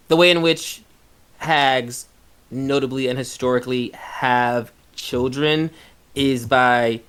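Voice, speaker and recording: A man's voice: medium pitch, a bit bright, clean tone. A man running a tabletop game as game master, talking in a loose, rambling, jokey way.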